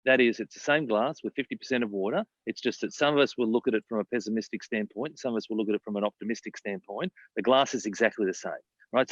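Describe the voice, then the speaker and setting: A man's voice: medium pitch, no room sound, muffled recording. A man coaching in casual talk, repeating phrases and asking himself questions. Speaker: mindset coach.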